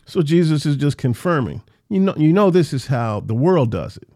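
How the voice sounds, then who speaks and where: A man's voice: fairly high pitch, big pitch swings, moderate pace, dark tone. A man teaching the Bible verse by verse in a conversational way, repeating phrases for emphasis.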